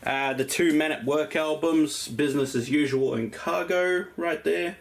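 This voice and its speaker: A man's voice: on the high side, measured pace, vocal fry. Rambling Australian man with many ums. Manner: rambling, lots of ums and uhs while listing records. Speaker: record collector vlogger. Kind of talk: casual show-and-tell.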